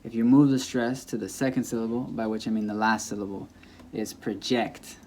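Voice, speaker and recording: Mellow-voiced man teaching a language lesson. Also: on the low side, fairly even intonation, a little fast, a little hiss or hum. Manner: explains by repeating example words with shifting stress, self-correcting. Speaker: Spanish teacher. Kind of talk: casual whiteboard lesson. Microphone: camera mic, no clip mic.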